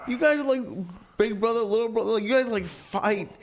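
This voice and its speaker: A man talking casually in halting bursts full of fillers. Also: very high-pitched, slight background noise. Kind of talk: casual chat.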